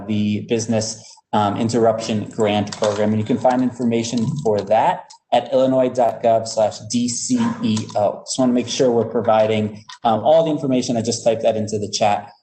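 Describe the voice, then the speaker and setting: A man's voice: on the low side, dark tone, a little hiss or hum, rough recording. A man moderating a webinar, reading out viewers' questions in an affable way with many fillers.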